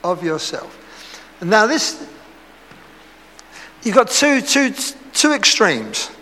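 The preacher, an Essex man whose voice sits high, takes it slowly as he tells his stories. Laughter and acted-out quotes keep the sermon lively, while the hall echoes and faint noise lingers in the background.

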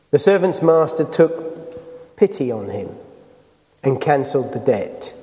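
A man's voice: mid-range voice, sing-song, a little slow, pauses often, warm tone, long reverb tail. A man preaching a sermon, reading scripture and putting earnest questions to the congregation.

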